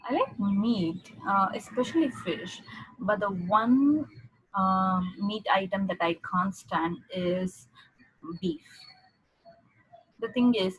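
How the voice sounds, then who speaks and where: A woman's voice: mid-range voice, a bit bright, husky, muffled recording. Woman, online exam tutor; patient explainer who repeats phrases; call mic. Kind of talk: online speaking lesson.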